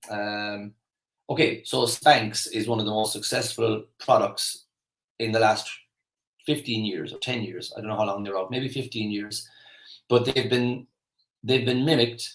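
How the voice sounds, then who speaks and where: A man's voice: fairly low pitch, roomy sound, low-quality recording. An Irish man giving a casual motivational talk, chatty and rambling with lots of restarts and fillers. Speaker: motivational speaker.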